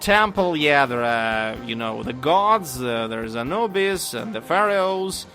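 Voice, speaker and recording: A man co-hosting a casual podcast, telling stories slowly with dry humor and many pauses and fillers. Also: medium pitch, big pitch swings, sharp tone, faint music behind. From Russia. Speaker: podcast co-host. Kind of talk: casual chat.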